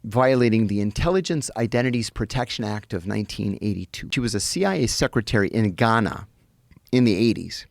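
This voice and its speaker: An American man, a guest on a podcast, telling his story in an animated way and acting out the people he quotes. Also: on the low side, a little fast, gravelly, no room sound, clean studio sound. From United States.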